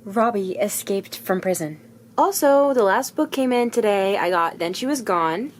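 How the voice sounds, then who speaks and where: Young woman, casual book vlogger, candid and animated, mid pitch, faint noise under the track. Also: normal speed. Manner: candid, animated, blunt, swings to soft asides. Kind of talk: casual reading vlog chat.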